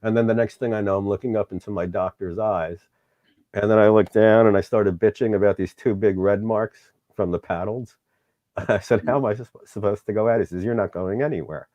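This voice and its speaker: A middle-aged man with a low, mellow voice tells a personal story in an interview. He is candid and emotional, and he acts out the dialogue as he goes. The sound is dry and somewhat dull. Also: fairly even intonation, brisk, no echo. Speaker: show host being interviewed.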